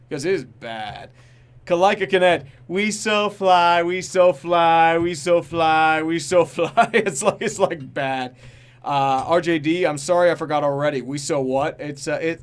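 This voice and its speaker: A man on a casual live stream, reading out viewer donations and reacting bluntly, laughing often and tripping over names. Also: a little high. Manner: reads donor names and messages aloud, then reacts with blunt comments.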